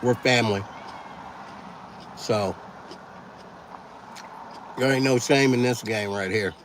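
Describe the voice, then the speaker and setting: A man's voice: medium pitch, takes it slowly, slight background noise. A man hosting a casual livestream, chatting easily with viewers and thanking them one by one. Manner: easygoing, thanks viewers by name, talks while eating. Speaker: livestream host.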